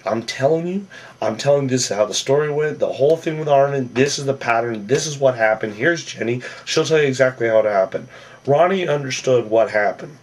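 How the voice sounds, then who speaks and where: A man's voice: medium pitch, fairly quick, recorded from a distance. Rambling man recapping a reality show. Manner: rambling, with a habit of "on that"; acts out the quoted lines in a raised, louder voice. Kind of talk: casual episode recap.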